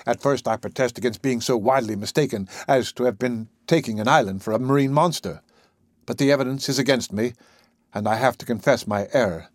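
A man narrating a classic adventure novel in the first person, with a husky voice and measured storytelling. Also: medium pitch, no echo, clean studio sound. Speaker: audiobook narrator.

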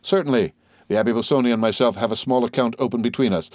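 A man reading the part of a suave, courteous nobleman count, speaking in a smooth, measured way. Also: mid-range voice, a little mellow, no echo, close to an everyday voice.

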